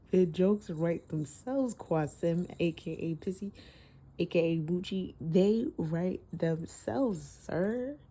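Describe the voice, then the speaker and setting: A woman's voice: lowish voice, mellow. A woman giving a casual, candid book review, laughing often and cursing freely while talking into her phone.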